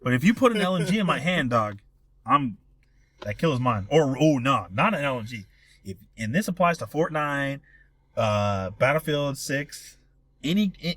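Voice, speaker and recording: A young man co-hosts a casual podcast, his voice a little high and fairly bright with no room sound. He rambles and swears freely, often breaking off his own sentences mid-thought as he tells stories.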